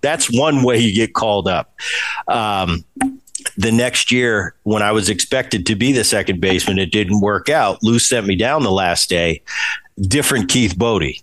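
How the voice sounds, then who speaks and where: A man hosting a podcast, a former ballplayer telling stories in casual chat and acting out the quoted exchanges. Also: fairly low pitch. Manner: animated, acts out quoted exchanges.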